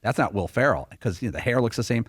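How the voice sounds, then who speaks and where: A man co-hosting a radio show, telling a story quickly and enthusiastically. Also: mid-range voice, animated, no room sound, studio quality. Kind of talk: casual studio chat.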